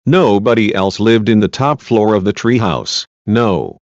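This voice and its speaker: A man's voice: fairly low pitch, unhurried, darkish tone, no room sound. A man voicing an agitated, worn-out female witness who snaps back at the questions. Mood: curt. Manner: exasperated, snapping back. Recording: dull lo-fi dry recording.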